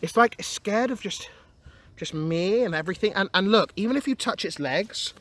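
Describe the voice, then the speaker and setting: A young man streaming a casual outdoor vlog, excitable and chatty, who keeps calling his viewers boys and swings between mumbling and yelling. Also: high voice, normal speed. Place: outdoor garden.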